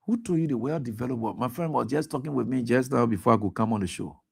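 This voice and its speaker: A man's voice: medium pitch, quick pace, gravelly, slightly rough. A man hosting a radio talk show, delivering impassioned, accusatory political commentary with repeated pointed questions. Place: radio studio.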